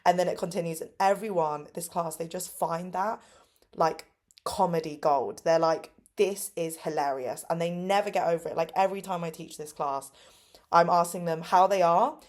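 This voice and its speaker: Young English woman vlogger, twenties, slightly low voice, casual and upbeat, filler-heavy storytelling. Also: moderate pace. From England. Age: 20s. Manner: upbeat, lots of fillers, acts out kids' voices with big pitch jumps. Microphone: phone camera.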